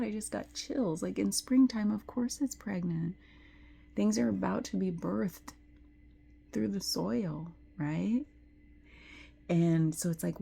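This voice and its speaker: A middle-aged woman giving an intuitive tarot reading to camera. She is tearful and tender, and drifts into soft whispers when she is moved. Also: fairly low pitch, gravelly. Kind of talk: emotional spiritual talk to camera.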